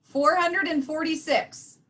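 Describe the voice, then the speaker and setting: A woman co-hosting, asking brisk quiz-style questions in casual interview. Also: sits high, steady tone, bright, forceful tone. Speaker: co-host.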